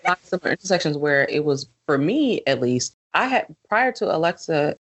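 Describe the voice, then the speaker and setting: Relaxed woman hosting a podcast chat. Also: sits low, normal speed. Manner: relaxed and conversational, with many fillers. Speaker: podcast host.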